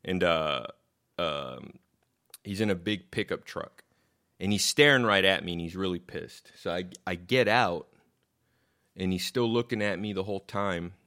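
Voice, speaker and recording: A man casually telling a story into his own microphone, animated, swearing and repeating words as he gets worked up. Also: low voice, a little slow.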